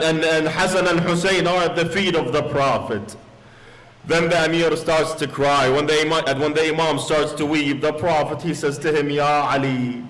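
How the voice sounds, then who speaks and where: Solemn sheikh preaching a sermon. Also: male voice, on the high side, a bit bright, rough recording. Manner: solemn storytelling, quoting in Arabic. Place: mosque.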